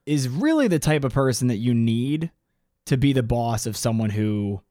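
A man's voice: mid-range voice, big pitch swings, normal speed, dark tone, dry recording. A man co-hosting a casual podcast, joking and telling the story in a laid-back way. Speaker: podcast co-host. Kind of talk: casual chat.

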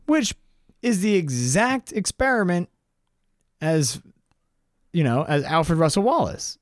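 A man co-hosting a podcast in casual chat, animated and mocking as he quotes people in a raised voice. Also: sits high, slow pace, no room sound, studio quality. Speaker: podcast co-host.

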